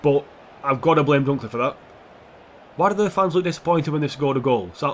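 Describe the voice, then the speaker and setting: A man's voice: on the high side, expressive, brisk, a little hiss or hum. A young man giving casual, sweary, sarcastic commentary over a football video game, talking back at the players on screen. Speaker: gaming YouTuber.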